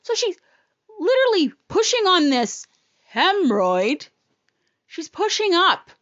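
A woman's voice: extremely high pitch, big pitch swings, slow pace, fairly bright tone, dry recording, muffled recording. A woman telling a personal story in a casual, blunt, profane and emotional way.

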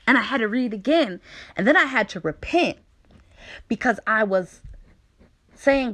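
Candid woman sharing her faith. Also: on the high side. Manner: candid, animated, conversational, with playful asides; reads scripture slowly and deliberately. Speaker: speaker sharing a faith testimony. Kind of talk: personal devotional talk.

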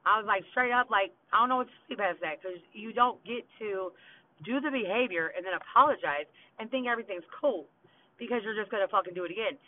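A woman's voice: mid-range voice, fast. A woman hosting a podcast, telling a story in a casual, rambling monologue, blunt and full of swearing. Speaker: podcast host. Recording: tinny phone-like audio.

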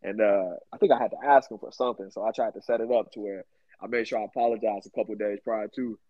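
A man's voice: fairly low pitch, fairly even intonation, fast talker, no room sound, muffled recording. A man casually telling a profane, slang-filled story about his family on a podcast.

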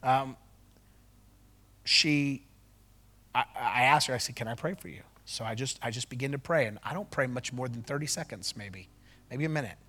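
A man preaching a sermon as a pastor, moving from loud declarations to quick, chatty storytelling in front of a church congregation. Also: medium pitch. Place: church service before a congregation.

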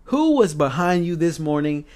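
A man's voice: fairly high pitch, very animated, moderate pace, a little mellow, pitched above the performer's own voice. A young man voicing a stern, intimidating male drill instructor who interrogates trainees sarcastically. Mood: demanding.

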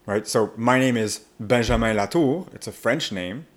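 A man speaking as a language coach in a podcast interview, animated and laughing often as he explains. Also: lowish voice, normal speed.

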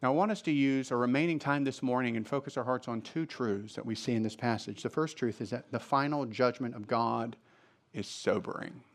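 A man's voice: medium pitch, a little fast. A male pastor preaching a sermon, reading scripture aloud and explaining it, repeating phrases for emphasis.

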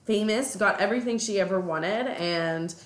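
A woman's voice: medium pitch, normal speed. A woman co-hosting a podcast, chatting casually about a book and retelling its plot at length. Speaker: podcast co-host. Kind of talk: casual book-club chat. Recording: echoey room.

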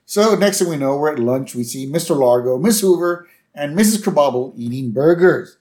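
A man's voice: fairly high pitch, expressive, normal speed, a little mellow. A man co-hosting a podcast, recapping an episode casually and acting out the lines with laughs. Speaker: podcast co-host.

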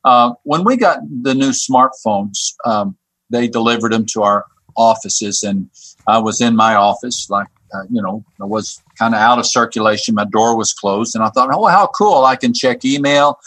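A man who works on a church staff tells a personal story as a guest. He talks haltingly, repeating words and restarting his sentences. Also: lowish voice, a bit bright, no echo. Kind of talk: telling a personal story on a podcast.

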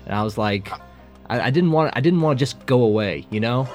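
A young man from Oklahoma with a Southern accent chats as a guest. His voice moves a lot in pitch, swinging up and down as he talks, and he breaks into laughs often. Faint music sits under the talk. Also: a little fast. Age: young adult. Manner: laughs often, lively and eager. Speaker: guest, college student. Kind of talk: casual chat.

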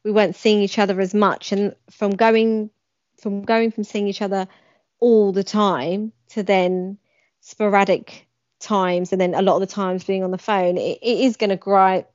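A young woman tells a personal story, bringing scenes to life as she describes them. Her voice sits at an average pitch. The recording is dry and slightly muffled. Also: measured pace, no room sound. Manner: animated, acts out quoted lines with emphasis. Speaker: guest. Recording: dry, slightly dull lo-fi sound.

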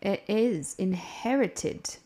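A woman's voice: mid-range voice, lively intonation, slow, mellow. Chatty young woman sharing fun facts. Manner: chatty and playful, explains facts. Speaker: podcast co-host. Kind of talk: casual chat, sharing trivia.

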